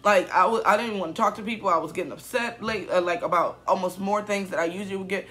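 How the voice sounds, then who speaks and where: Young male vlogger, twenties, high bright voice, upset and rambling, lots of fillers. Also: fast talker. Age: 20s. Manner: rambling, many fillers and restarts; upset, emotional. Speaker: YouTuber. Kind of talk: casual vlog story.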